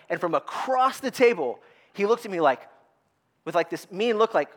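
A man's voice: on the high side, rapid-fire, a bit bright. A middle-aged man preaching a sermon as pastor, telling stories with energy and often repeating words as he starts sentences.

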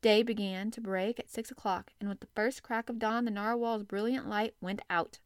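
A woman narrating an audiobook in a steady, expressive reading style. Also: medium pitch, moderate pace, clean tone, no room sound, clean studio sound.

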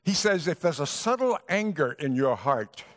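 A man's voice: on the high side, sing-song, moderate pace, a bit bright. A male guest pastor preaching a sermon, telling a story and voicing the characters' lines. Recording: long hall reverb.

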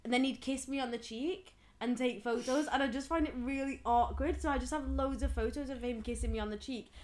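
A woman's voice: high-pitched, fairly even intonation, a little fast, a little mellow. A young woman, co-hosting a casual podcast chat. She laughs often and acts out other people's lines as she tells stories. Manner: giggly, storytelling, acts out quotes. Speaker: podcast co-host.

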